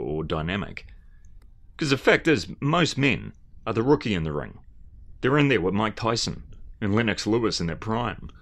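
A man's voice: on the low side, fairly bright tone. A man giving a rambling, earnest and emphatic commentary, often restarting his phrases. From Australia.

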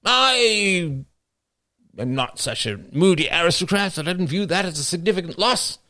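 A man voicing a pompous old aristocratic explorer who booms out grand tales in a declamatory voice. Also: lively intonation, moderate pace, bright, forceful tone. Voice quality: booming, declamatory. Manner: grandiose, self-important storytelling.

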